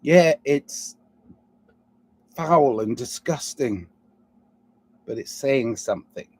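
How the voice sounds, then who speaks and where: A man's animated mid-range voice, dark-toned and breathy, moves slowly through a reflective solo monologue. This vlogger, speaking with a noticeable non-standard English accent, drifts along and asks himself question after question.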